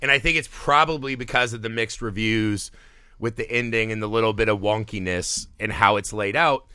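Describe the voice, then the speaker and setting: A man's voice: on the low side, a little fast, bright, forceful tone, smooth, dry recording, studio quality. A man co-hosting a movie podcast in casual, profane chat, acting out characters' lines as he goes. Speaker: podcast co-host.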